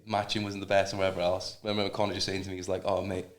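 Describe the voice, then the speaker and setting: A man's voice: sits low, monotone, rapid-fire. A man coaching boxers, chatting casually, swearing, laughing and saying mate often. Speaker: boxing coach. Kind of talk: casual chat. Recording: echoey room.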